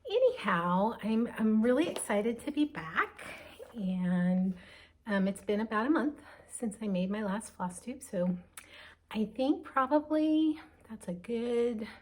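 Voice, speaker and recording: A woman's voice: a little high, expressive, slow. An older woman chatting casually to camera from home as a stitching vlogger, a bit breathless and rambling, with lots of fillers.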